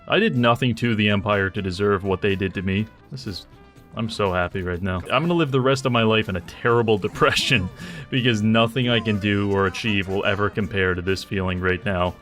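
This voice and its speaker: Lowish voiced guy riffing over his strategy game, sarcastic, gets loud, faint music behind. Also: a little fast. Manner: sardonic, excitable, swings into loud outbursts. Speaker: gaming YouTuber. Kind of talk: casual gameplay commentary.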